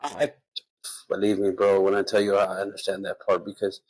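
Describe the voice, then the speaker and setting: A man's voice: deep voice, monotone, moderate pace, darkish tone, husky, low-quality recording. A man hosting a casual chat, speaking earnestly and calling his guest bro and man. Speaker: host.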